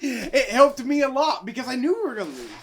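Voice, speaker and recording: Very high-voiced man laughing along. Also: sing-song, fairly quick, crowd noise. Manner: laughs often, short agreeing replies, blunt and profane. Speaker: podcast co-host. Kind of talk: casual chat.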